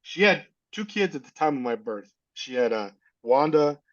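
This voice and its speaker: A man's voice: a little high, very animated, moderate pace, highs cut off. A man from California telling a personal story as an interview guest, acting out the people he quotes. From California, USA.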